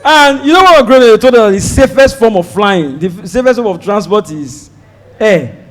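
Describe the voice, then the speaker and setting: A Nigerian man performing stand-up comedy, telling a story in an animated way and slipping into pidgin, with a Nigerian accent. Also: sits high, moderate pace. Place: live comedy show before an audience. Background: audience laughter.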